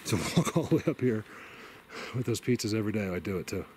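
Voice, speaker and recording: A man's voice: on the low side, expressive, quick pace, background noise. A man vlogging while hiking in snowy mountain woods, out of breath, chatty and rambling, laughing often. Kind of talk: outdoor hiking vlog.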